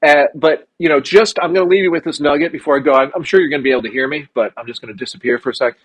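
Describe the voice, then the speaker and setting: A man from South Dakota co-hosting a podcast, telling profane, animated stories in casual chat. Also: fairly high pitch, rapid-fire, breathy edge, no room sound. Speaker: podcast co-host.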